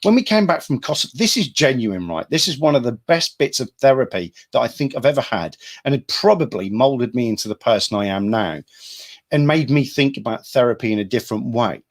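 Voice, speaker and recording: A man's voice: mid-range voice, expressive, brisk. Middle-aged english guy rambling thru a war story, repeats himself a lot, casual. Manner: rambling, repeats himself, acts out quotes loudly. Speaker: hypnotherapy trainer. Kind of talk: casual storytelling to an online audience.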